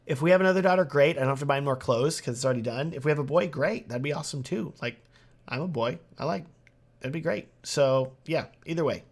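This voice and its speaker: A man's voice: fairly high pitch, fast talker. Chatty man answering livestream questions. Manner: casual and chatty, reads viewer comments aloud. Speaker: wedding filmmaker and livestream host. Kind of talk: casual livestream Q&A.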